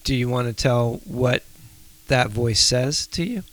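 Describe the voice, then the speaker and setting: A man co-hosting a faith podcast, asking earnest, probing questions at an unhurried pace. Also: medium pitch, a bit bright. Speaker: podcast co-host. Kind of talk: casual faith podcast chat.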